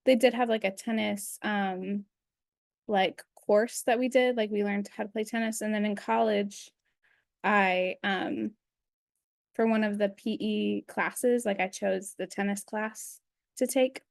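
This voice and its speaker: A woman's voice: mid-range voice, steady tone, a little slow, gravelly, no room sound, studio quality. A young adult woman chatting as a guest on a video call, rambling with lots of fillers. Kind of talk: casual interview chat.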